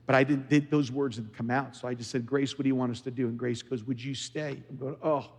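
Husky preaching man in echoing hall. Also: medium pitch, steady tone, brisk. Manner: storytelling, building to loud, fervent preaching. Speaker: pastor. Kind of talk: sermon. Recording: large hall with long reverb.

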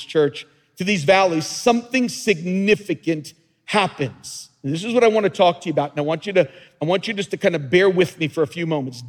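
A man preaching a sermon as pastor to his church, rising into fervent, emphatic delivery. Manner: builds to loud, high-pitched preaching fervor. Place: church sanctuary. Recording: long reverb of a church hall.

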